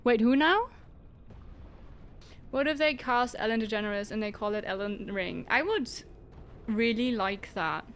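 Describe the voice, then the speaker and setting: Unhurried and prone to long pauses, this woman's slightly high voice carries a little hiss or hum. She's streaming a game and chatting casually, laughing and joking often while the dance pad leaves her tired.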